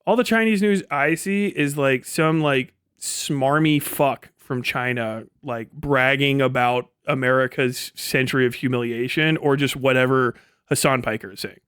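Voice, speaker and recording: A man's voice: medium pitch, measured pace, a bit bright, clean tone, dry recording, clean studio sound. A man streaming live, ranting sarcastically and swearing constantly. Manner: sarcastic and mocking. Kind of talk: profane livestream rant.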